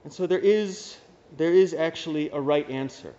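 A man's voice: on the high side, normal speed, mellow. A man, a Dominican priest, giving a homily in a casual, conversational way with wry asides. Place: church. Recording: dull reverberant church recording.

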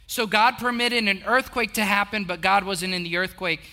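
A middle-aged male pastor preaching a sermon, swinging from rising exhortation to hushed, slow intimacy and repeating short urging phrases. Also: high-pitched, fairly even intonation.

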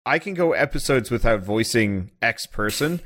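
A man's voice: medium pitch, expressive, moderate pace, a bit bright. A young man chatting casually on a podcast, often hesitant and trailing off with fillers as he talks about games. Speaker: podcast guest, video game streamer.

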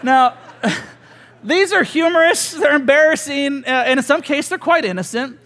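High-voiced pastor in a reverberant church. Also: male voice, moderate pace. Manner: joking, animated storytelling with laughs. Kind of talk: sermon.

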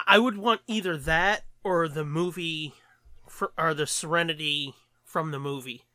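A man's voice: on the high side, unhurried, bright, forceful tone, no room sound. A man co-hosting a podcast in casual chat, rambling and joking, swearing freely and laughing often. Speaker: podcast co-host.

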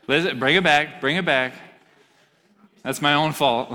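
A man's voice: a little high, moderate pace, bright, forceful tone, big-room sound. A man giving an interactive, joking sermon to a youth group, quizzing the audience as he reads scripture. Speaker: youth pastor.

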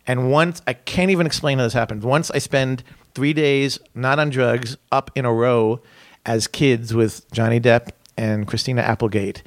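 A man's voice: medium pitch, fairly even intonation, normal speed, dry recording, clean studio sound. A male comedian telling long, rambling stories in casual chat, interrupting himself and laughing as he talks. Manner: rambling, self-interrupting, laughs while talking. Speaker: comedian guest.

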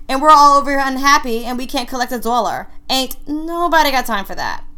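A woman hosting her own podcast in an animated, chatty solo talk that often turns to the listeners as y'all. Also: fairly high pitch. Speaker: podcast host.

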